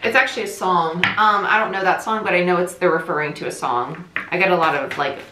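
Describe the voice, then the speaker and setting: A young woman from New Jersey giving a casual tarot reading, talking quickly in a chatty, rambling way. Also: on the low side, background noise. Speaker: tarot reader. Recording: echoey room.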